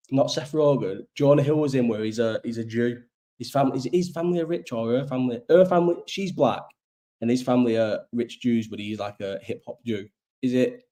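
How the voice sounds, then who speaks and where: A man's voice: medium pitch, warm tone. A young man hosting a casual live chat, rambling and swearing freely, ill with a cough. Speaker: host.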